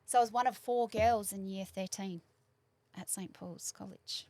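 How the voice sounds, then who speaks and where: A woman's voice: medium pitch, fairly even intonation, moderate pace, mellow, dry recording. A woman in her forties from New Zealand with a New Zealand accent, chatting as a guest in a rambling way with many fillers. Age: 40s. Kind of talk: casual chat.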